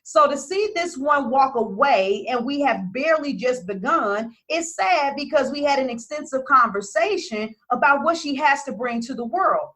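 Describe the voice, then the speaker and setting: A woman's voice: high voice, lively intonation, moderate pace, few pauses, fairly bright tone. A woman business coach talking casually to her followers, blunt and emphatic, swearing freely.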